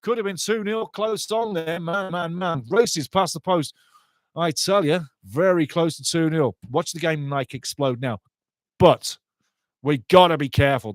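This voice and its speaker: A man giving passionate live football commentary, chatting to viewers and shouting when goals go in. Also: on the high side, no room sound. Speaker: football watch-along commentator. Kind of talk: excitable live match commentary.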